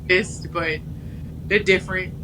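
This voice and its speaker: Woman guest, West Coast accent, candid and halting with ums, clear background noise and passing traffic. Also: lowish voice, steady tone. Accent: West Coast American. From California. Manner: candid, frank, hesitant with many ums. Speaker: guest writer. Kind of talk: casual interview chat.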